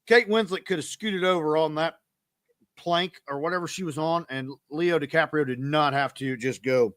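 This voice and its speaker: A man's voice: a little high, a little fast, dry recording, studio quality. A man, hosting a podcast and telling rambling, self-deprecating stories in a casual monologue. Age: 30s. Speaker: podcast host.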